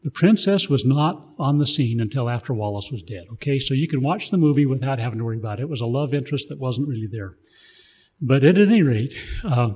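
Husky man rambling to a group. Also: mid-range voice, muffled recording. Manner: rambling, digressive storytelling. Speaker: speaker addressing a group. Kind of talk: casual talk.

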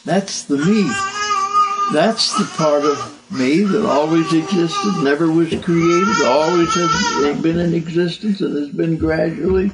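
An older man preaching doctrine in an earnest, emotional way. He speaks slowly, often stumbling and repeating words, and his voice sits fairly high for a man. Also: heavy background noise. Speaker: religious teacher. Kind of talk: doctrinal sermon.

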